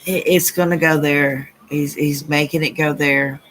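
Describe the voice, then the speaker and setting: A psychic card reader with a Southern US accent does a live-stream reading for her chat, earnest and blunt, repeating phrases and gushing as she calls people honey and baby. Her voice is low, steady and a bit bright, a little slow, in a rough recording with slight background noise.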